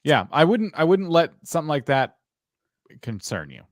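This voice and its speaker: A man's voice: on the high side, big pitch swings, moderate pace, no room sound, studio quality. Easygoing man reading viewer questions. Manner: easygoing, thinks aloud. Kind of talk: casual livestream Q&A chat.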